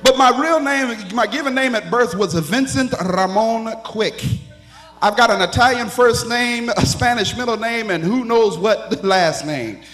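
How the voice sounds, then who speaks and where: A man performing an animated stand-up set on a theater stage, working the crowd with a drawl. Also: extremely high pitch, a little slow, faint music behind. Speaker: stand-up comedian. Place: theater stage with live audience laughing.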